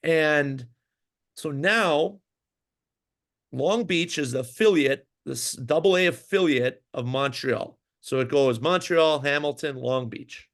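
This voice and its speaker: Taking it slowly in a slightly high voice, a former pro hockey goalie from Minnesota recounts a long story in a casual interview. He comes across as an animated, rambling storyteller who leans on fillers and restarts.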